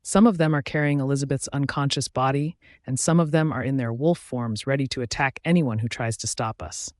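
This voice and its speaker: A man narrates a werewolf romance story in the first person, in a steady, dramatic reading voice at middle pitch. The sound is close and dry, with no room around it. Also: brisk, no room sound. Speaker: audiobook narrator.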